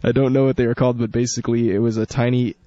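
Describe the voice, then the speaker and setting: A man's voice: mid-range voice, level tone, racing, warm tone, no room sound. A young man hosting college radio, rambling, joking and correcting himself while he reads a story. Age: young adult. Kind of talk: casual radio chat and reading a story. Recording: dull dry lo-fi studio with faint music.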